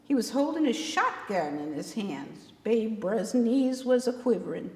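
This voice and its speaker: A woman's voice: a little high, animated, unhurried, hardly any pauses, a little mellow. A woman author reading her own novel aloud, acting out the dialogue with shifting voices. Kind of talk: dramatic book reading. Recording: echoey room with long reverb.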